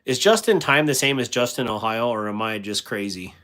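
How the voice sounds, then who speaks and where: Man hosting a casual livestream, mid-pitched voice, rambling and full of fillers, reads chat comments aloud. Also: animated, fairly quick, fairly bright tone. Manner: rambling, with many fillers and restarts; reads viewer comments aloud and answers them. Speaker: livestream host.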